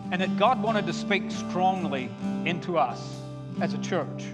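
A man preaching a sermon to a congregation, emphatic and building to forceful exhortation. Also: high-pitched, animated, unhurried. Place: church sanctuary. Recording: long hall reverb, faint guitar. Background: faint guitar music.

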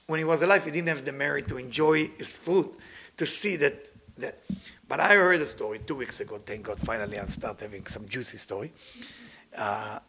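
Gravelly middle-aged guy teaching a spiritual lecture, voice jumps around a lot. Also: medium pitch. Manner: non-native English grammar, animated, swings between loud and hushed.

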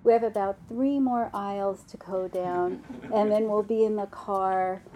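A woman voicing a patient mother who soothes a whiny child in soft, coaxing tones. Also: mid-range voice, steady tone, unhurried, a little hiss or hum, natural voice. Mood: soothing.

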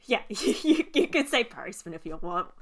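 An Australian woman co-hosts a podcast in loose, casual chat. Her voice is bright and forward, and she laughs easily, swears freely and quizzes her co-host. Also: mid-range voice, very animated, normal speed.

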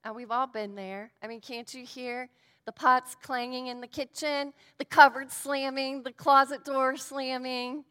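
A woman giving a sermon and a prayer, earnest and shifting between emphatic lines and hushed ones. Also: high voice, flat delivery, measured pace, clean tone, long reverb tail. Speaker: speaker at a devotional.

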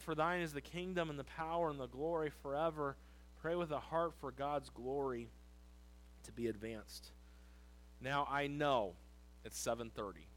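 A man pastor preaching a sermon in a church, reading scripture slowly and loudly between casual asides. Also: a little high, rough recording.

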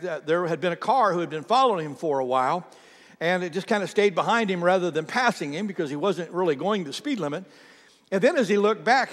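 Male pastor, high voice, animated sermon storytelling, long hall reverb. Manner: animated storytelling, talks straight to the congregation.

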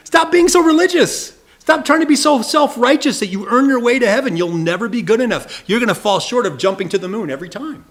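A man's voice: very high voice, expressive, a little fast, few pauses, fairly bright tone, pitched above the performer's own voice. A man in a sermon speaking as a loving, insistent savior figure, giving urgent pleading commands.

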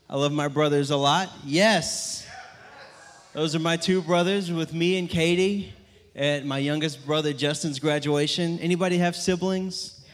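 A young man telling funny stories to a live audience in a church setting, animated and self-mocking as he acts out what people said. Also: a little high. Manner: animated, self-mocking storyteller acting out quotes. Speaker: church speaker. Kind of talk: storytelling talk to a live audience. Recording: long hall reverb.

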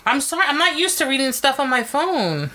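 A woman's voice: high-pitched, big pitch swings, a little fast, sharp tone, a little hiss or hum. A woman co-hosting a podcast in casual, giggly, self-deprecating chat. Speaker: podcast co-host.

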